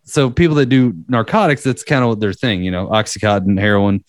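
A man's voice: lowish voice, steady tone, brisk, no room sound. Rambling man telling a story, dry sound. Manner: loose, rambling, lots of fillers. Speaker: podcast host telling a story. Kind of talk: casual storytelling.

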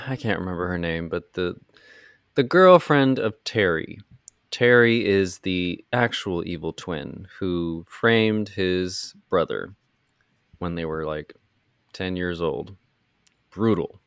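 A low-voiced man hosting a podcast. He recaps a film in loose, animated chat, sarcastic and swearing freely. His voice sounds dry and close. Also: clear, resonant tone, no echo. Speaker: podcast host. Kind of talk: casual movie recap chat.

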